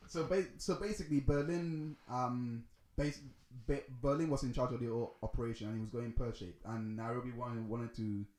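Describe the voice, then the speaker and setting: A man co-hosting a podcast in casual chat, rambling and halting with lots of restarts and fillers. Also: mid-range voice, steady tone, a little mellow. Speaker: podcast co-host. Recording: roomy echo.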